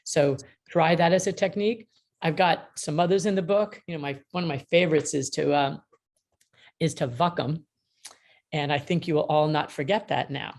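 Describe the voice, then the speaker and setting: A woman with a low, gravelly voice speaks on a video call. She teaches with emphatic humor, slipping into little acted-out exchanges to make her points land. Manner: emphatic, humorous, acts out dialogue. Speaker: mediator and author being interviewed. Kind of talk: lively teaching talk with anecdotes.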